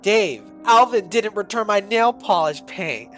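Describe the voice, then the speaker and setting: A man voicing an angry girl chipmunk who complains in slow, drawn-out words. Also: sits high, lively intonation, a bit bright, faint music behind, pitched above the performer's own voice.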